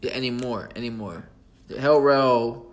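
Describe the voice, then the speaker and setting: A man hosting a casual hip-hop talk podcast, loose and profane, often laughing and speaking in quick bursts. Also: medium pitch. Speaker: podcast host.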